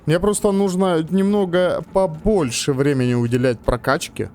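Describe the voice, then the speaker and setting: A man's voice: fairly high pitch, moderate pace, a little mellow, a little hiss or hum. A man casually talking to himself while playing a game, muttering and joking about what he sees. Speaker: let's-play gamer. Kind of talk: casual gameplay commentary.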